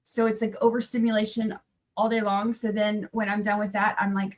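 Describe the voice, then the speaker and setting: A tired woman talks loosely to her livestream viewers. She rambles, trails off, and restarts her sentences, and her pitch sits in a middle range. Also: level tone, quick pace, poor audio. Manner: chatty, rambling, breaks off mid-sentence. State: tired from little sleep. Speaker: livestream trial commentator. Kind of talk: casual livestream chat.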